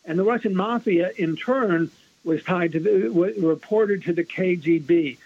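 Fast-talking male author, muffled radio. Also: high-pitched, a little hiss or hum. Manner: fast, restarts a lot, emphatic. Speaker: author and guest. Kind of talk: radio interview.

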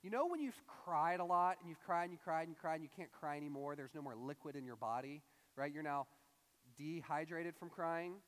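A young male pastor delivers a sermon in a relaxed, conversational style, animated and fairly quick, acting out quoted voices as he explains the passage. His voice is somewhat high for a man. The long reverb of a large hall fills the recording.

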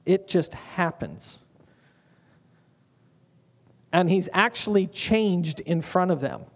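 A man's voice: high voice, animated, takes it slowly. A man preaching a sermon as a pastor, in a humorous, conversational way.

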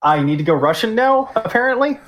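Male podcast host, slightly high voice, loose rambling delivery, faint music behind. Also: sing-song, brisk, fairly bright tone. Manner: rambling, filler-heavy. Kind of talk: casual gaming news chat.

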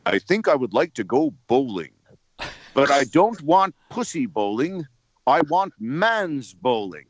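A man doing an impression of a calm, deep-voiced male rock star who speaks in a low, matter-of-fact way. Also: unhurried, no echo, lo-fi sound. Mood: deadpan.

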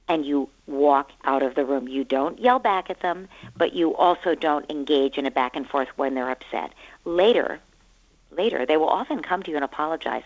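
A woman guest on a radio interview, explaining parenting in a calm, gentle way. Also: fairly low pitch, normal speed, highs cut off.

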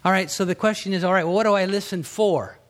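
High-voiced pastor preaching conversationally. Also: male voice, quick pace. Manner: conversational preaching, acting out quotes with sudden rises and hushed drops. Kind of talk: sermon.

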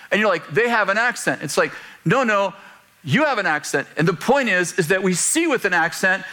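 An older pastor with a somewhat high-set voice, preaching to his church congregation. He keeps the sermon conversational, slipping in joking asides and chuckles. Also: pushed and bright.

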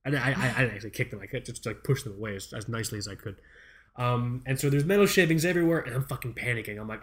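A man's voice: medium pitch, rapid-fire. An American man hosting a podcast, telling a rambling, profane, self-mocking comedic story. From United States. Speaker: podcast host.

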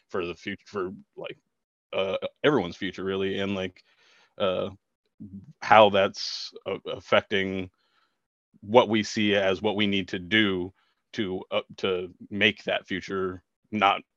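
A man co-hosts a podcast, working through ideas slowly with lots of "uh" and "like." His voice is low. The audio is dull and muffled, like a dry call recording. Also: fairly bright tone, no room sound. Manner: thoughtful, halting, many fillers. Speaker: podcast co-host. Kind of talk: casual podcast chat.

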